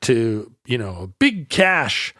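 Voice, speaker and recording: A man's voice: medium pitch, big pitch swings, slow pace, bright, forceful tone, no echo, clean studio sound. A man co-hosting a podcast, telling a history story in casual chat, rambling and correcting himself, laughing easily.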